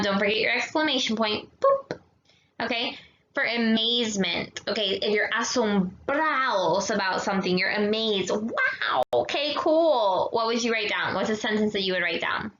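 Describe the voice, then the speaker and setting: A young woman teaching children grammar in a patient, slow teacher voice, slipping in Spanish words and asking "okay?" again and again. Her voice is fairly high and bright, and it sounds dull and roomy, with a strong echo. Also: a little hiss or hum. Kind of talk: recorded grammar lesson for kids. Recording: echoey dull room sound.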